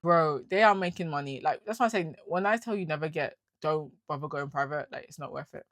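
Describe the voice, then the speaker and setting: A young woman from the UK telling her own story to camera in casual slang, dropping to weary murmurs and rising to loud, indignant rants. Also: sits low, brisk, no echo. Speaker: vlogger. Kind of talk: candid personal storytelling to camera.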